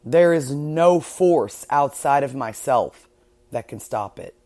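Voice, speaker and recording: Slow, fervent, swearing woman podcaster. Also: rumbling low, expressive, warm tone. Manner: emphatic, heavily profane, repeats words for emphasis; fervent, self-assured. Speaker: podcast host. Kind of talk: spiritual podcast monologue.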